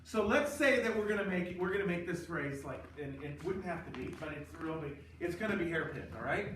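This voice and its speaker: A male teacher lectures a class in an emphatic, animated way, throwing in sarcastic asides. His voice sits a little high, and it reaches the mic from a distance in a reverberant room with faint background noise. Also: a little fast. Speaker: choral conducting teacher.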